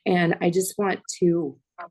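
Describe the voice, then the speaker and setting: Emotional woman midwife, low mellow voice, heartfelt panel remarks. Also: little pitch movement, a little slow, slightly rough. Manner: emotional, heartfelt, slightly teary. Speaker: midwife, clinical director.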